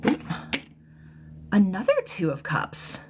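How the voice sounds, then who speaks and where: A woman's voice: medium pitch, lively intonation, slow pace, noisy background. A young adult woman giving a live tarot reading, chatty and emotional, rambling with lots of fillers and restarts. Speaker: tarot reader.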